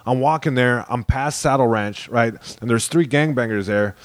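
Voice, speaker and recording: A comedian guest from Long Beach, California, telling a story in casual podcast talk and acting out the voices of the people in it. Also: male voice, medium pitch, moderate pace. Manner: animated storyteller, acts out quotes, frequent swearing and restarts.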